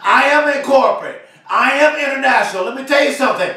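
High-voiced guy yelling pump-up affirmations, bright tense tone, echo, mic a bit far off. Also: expressive, quick pace. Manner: fiery, emphatic preaching cadence with repetition. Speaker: motivational speaker. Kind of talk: shouted motivational speech.

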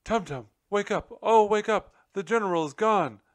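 A man's voice: normal speed, natural voice. A man reading aloud and voicing an anxious, fussing female mouse housewife in a raised, fluttery voice. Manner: high fluttery worried voice.

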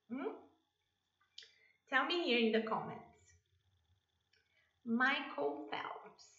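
A woman's voice: high-pitched, pushed and bright, echoey room, far from the mic, lo-fi sound. A woman with a Brazilian Portuguese accent teaching a basic English lesson, encouraging and switching into Portuguese to translate.

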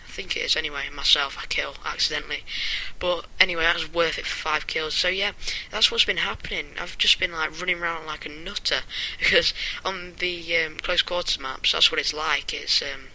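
A man's voice: fairly high pitch, steady tone, a little fast, hardly any pauses, pushed and bright, poor audio. A man giving casual gameplay commentary, rambling through stories and chuckling as he talks.

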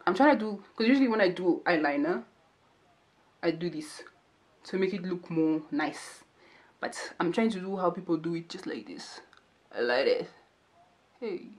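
A woman's voice: on the low side, animated, normal speed, pauses often. A young woman chatting casually and jokingly while she does her makeup for a vlog. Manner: chatty, jokey, playful voices and asides. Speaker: vlogger. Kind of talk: casual get-to-know-me chat while doing makeup.

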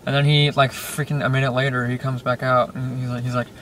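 A man's voice: medium pitch, flat delivery, fast, fairly bright tone. A young man in his late teens, vlogging from inside a car in a rambling, filler-heavy way, saying "dude" and "freaking" a lot. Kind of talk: casual rambling vlog talk. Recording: clear car and road noise.

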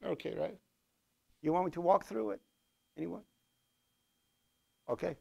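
A man's voice: sits high, a little slow, gravelly, mellow, husky. A man lecturing a class on programming as he codes live, with a Persian accent, thinking aloud and correcting himself as he goes. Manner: thinks aloud while coding, with fillers and self-corrections.

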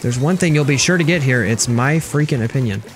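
A man's voice: mid-range voice, a little fast, soft background music. Chatty sarcastic young man streaming games. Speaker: game streamer. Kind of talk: casual gameplay commentary reading chat.

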